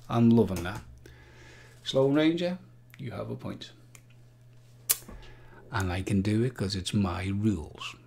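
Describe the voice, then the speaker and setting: Playful quiz host, jokey banter. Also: male voice, mid-range voice. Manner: playful, jokey, chatty with viewers. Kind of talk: live-stream quiz banter.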